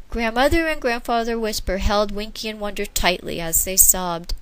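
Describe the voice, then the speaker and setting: A woman reading a children's storybook aloud, expressive and easily moved, breaking off now and then to comment. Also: medium pitch, normal speed, few pauses, clean tone, no echo, rough recording. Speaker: storybook reader.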